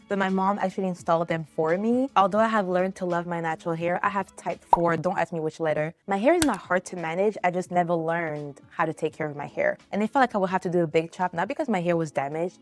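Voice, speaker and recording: Fast-talking young woman telling a faith story. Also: on the low side. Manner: earnest, emotional, talkative. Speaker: vlogger. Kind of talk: faith-based story-time vlog.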